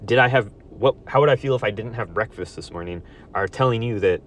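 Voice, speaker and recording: Male vlogger, low voice, angry solo rant; loud blow-ups, muttered asides, faint background noise. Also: fairly quick. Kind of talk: profane solo rant to camera.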